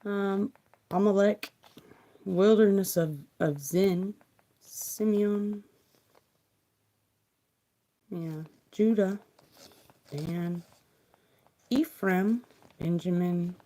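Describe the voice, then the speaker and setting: A woman on a live stream speaking quietly and rambling through questions, trailing off as she reads and thinks aloud into a close mic. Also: mid-range voice, extremely slow, pauses often. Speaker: livestream tarot reader. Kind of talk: soft-spoken livestream musing. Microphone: close mic, kept quiet for live stream.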